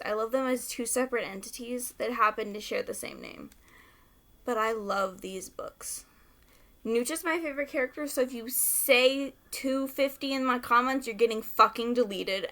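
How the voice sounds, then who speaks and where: A young woman talks straight to camera in a loose, rambling rant, excitable and quick to swear. Her voice sits a little higher than most. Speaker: book vlogger.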